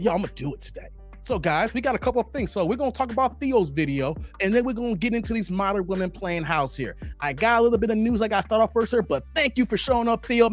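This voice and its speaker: A man around forty hosting a casual livestream, slangy and animated, laughing and chatting with viewers. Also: high-pitched. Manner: animated, slangy, laughs often, chats with the chat. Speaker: livestream host. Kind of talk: casual livestream chat reading viewer comments.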